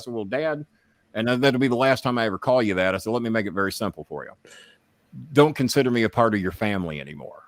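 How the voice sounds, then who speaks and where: A podcast guest with a lowish voice talks fast, recounting candid stories in a profane, impassioned manner. When he rants he grows heated and animated; the recording is dry.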